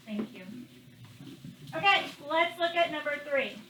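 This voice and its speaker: A woman's voice: high-pitched, expressive, background noise. A woman teaching a classroom phonics lesson, patiently drawing out the sounds of each word. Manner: patient, drawn-out sounding of words. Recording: echoey classroom from far off.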